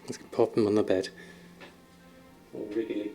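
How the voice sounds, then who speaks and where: A man's voice: fairly low pitch, steady tone, a little slow, gravelly, mellow, soft background music. A man streaming from home, chatting casually with viewers and cooing affectionately at his kittens, laughing often. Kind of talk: casual live-stream chat. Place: at home, indoors.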